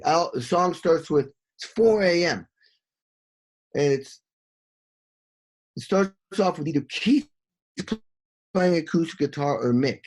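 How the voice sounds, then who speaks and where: An excitable middle-aged man with a husky, slightly raised voice tells studio war stories in a rush. He swears freely and sings out drum patterns as he goes. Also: on the high side. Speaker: session drummer, interview guest. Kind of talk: animated storytelling in an interview.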